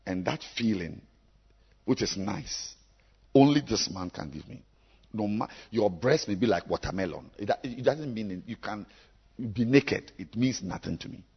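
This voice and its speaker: A man preaching a sermon to his congregation, emphatic and repetitive, with sudden loud bursts. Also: on the low side, animated, unhurried, breathy edge. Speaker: pastor. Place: church. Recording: echoey church hall, dull lo-fi sound.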